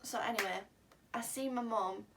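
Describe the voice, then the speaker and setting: A woman's voice: on the high side, moderate pace, vocal fry. A young woman telling a personal story in a chatty, rambling vlog style, full of "um" and "like". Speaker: vlogger. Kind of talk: casual storytelling. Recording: slightly distant mic, faint background hiss.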